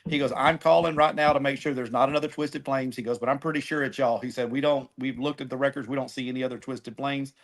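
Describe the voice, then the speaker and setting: Middle-aged man, podcast guest, casual animated storyteller, average pitch. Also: quick pace, hardly any pauses. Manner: animated, acts out phone calls. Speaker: guest, barbecue team cook.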